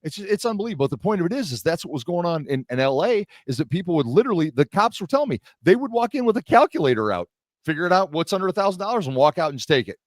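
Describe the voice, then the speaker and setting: This podcast co-host, a young man from around Los Angeles, talks in rapid-fire bursts with a high voice. He chats casually, spinning lively stories and performing the voices of whoever he's quoting, all captured in clean studio audio without echo.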